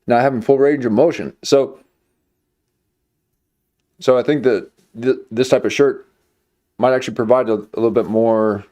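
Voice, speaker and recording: A man's voice: mid-range voice, fairly even intonation, moderate pace, long pauses, warm tone. A man streaming, chatting casually in a rambling, jokey way. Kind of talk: casual chat.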